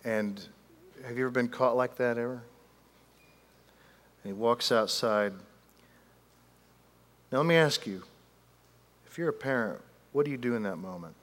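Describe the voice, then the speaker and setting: A man preaching a sermon, telling a story animatedly with drawn-out pauses and asides to the congregation. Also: mid-range voice, fairly bright tone. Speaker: pastor. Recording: long hall reverb.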